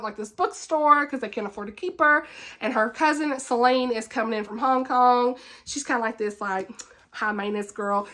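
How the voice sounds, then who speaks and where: A woman hosting a casual book wrap-up vlog. She talks in an animated, ranting way, laughs often, and chats on with many fillers and repeated words. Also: fairly high pitch. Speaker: book reviewer, channel host.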